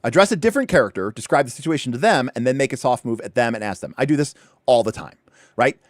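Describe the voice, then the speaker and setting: A man hosting a livestream, casually walking through a rulebook, with animated, chatty asides and points repeated for emphasis. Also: mid-range voice, fast, no echo, clean studio sound. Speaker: livestream host.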